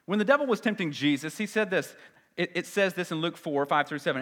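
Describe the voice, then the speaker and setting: A man preaching a sermon in a conversational way, moving from loud emphasis to quiet asides. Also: a little high, fast talker, long reverb tail. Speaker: pastor.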